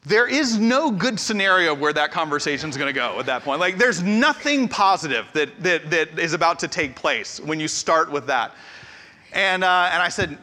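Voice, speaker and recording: A man in his forties, a pastor telling a humorous, self-deprecating story in an animated way, in a large hall. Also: fairly high pitch, moderate pace. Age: 40s. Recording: echoey hall reverb.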